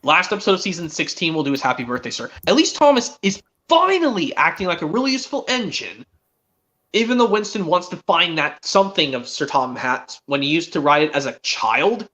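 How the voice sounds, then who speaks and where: A man's voice: on the high side, big pitch swings, brisk, bright, forceful tone. A teenage boy streaming, chatting eagerly in a rambling way with many restarts. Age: teens. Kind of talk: casual chat.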